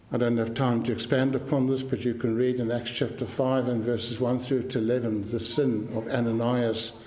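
A man preaching a sermon, earnest and emphatic, now and then clearing his throat. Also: mid-range voice, a little mellow, echoey room. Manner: clears throat between points.

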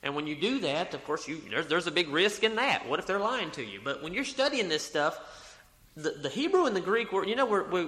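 A man's voice: sits high, fairly bright tone. A man preaching a sermon in a church, reading scripture aloud and repeating his phrases. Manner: repeats phrases, reads scripture aloud, corrects himself mid-sentence. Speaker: pastor. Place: church sanctuary. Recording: echoey church hall.

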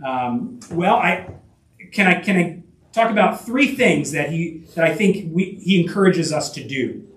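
A man preaching a sermon, halting and full of restarts, asking his listeners rhetorical questions. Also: on the high side, animated, fairly bright tone, roomy sound, recorded from a distance, low-quality recording. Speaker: pastor.

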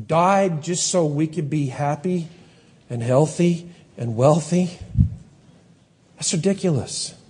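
A man's voice: sits high, darkish tone. A man preaching a sermon as pastor, earnest and pleading, in a church. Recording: long hall reverb.

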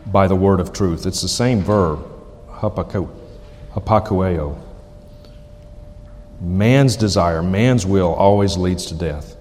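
A man preaching a sermon, emphatic, slowly repeating key phrases for weight. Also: low-pitched, a little mellow, long reverb tail, a little hiss or hum. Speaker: pastor.

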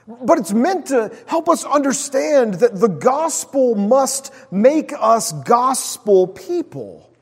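Male pastor, high voice, chatty sermon delivery with hushed emphasis, lingering hall reverb. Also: breathy edge. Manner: conversational preaching, drops to near-whisper on key words.

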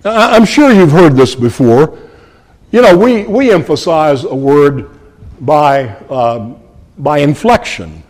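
A man's voice: on the high side, animated, slow, a little mellow, in a large hall. A man preaching an expository sermon, earnest and emphatic, repeating key phrases and addressing his listeners as friends.

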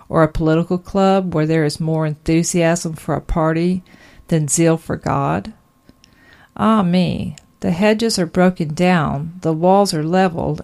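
A woman's voice: lowish voice, darkish tone. A woman reading an old-fashioned sermon aloud, earnest and emphatic, full of rhetorical questions. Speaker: sermon reader.

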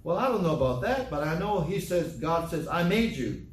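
A man's voice: on the high side, big pitch swings, a little fast, a little hiss or hum. An older man preaching a sermon emphatically, quoting scripture in old-fashioned English. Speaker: pastor. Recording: echoey room from a distance, faint ambience.

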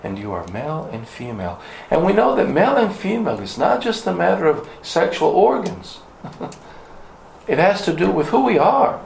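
Man preacher, sermon, gravelly, emphatic repeats, echoey room with faint ambience. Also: high-pitched, sing-song, moderate pace, a little mellow, slight background noise. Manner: emphatic, repeats key words, uses fillers.

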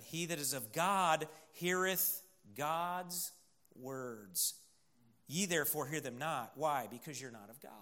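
A man preaching a sermon, emphatic, pausing for the congregation to fill in words. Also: fairly high pitch, sharp tone. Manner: emphatic preaching with call-and-response pauses. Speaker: pastor.

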